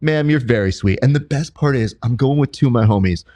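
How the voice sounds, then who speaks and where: A young man hosting a casual interview podcast, telling stories in an animated way and jumping high in pitch when he quotes people. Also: fairly quick. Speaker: podcast host and combat sports commentator.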